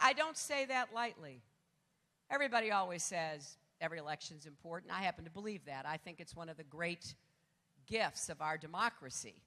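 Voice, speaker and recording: An older woman delivers a campaign rally speech with a bright, forceful voice, climbing into shouts on her strongest lines. Her words ring through the long echo of a large hall. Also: on the low side. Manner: rousing, rising to shouts on key lines. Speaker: political candidate.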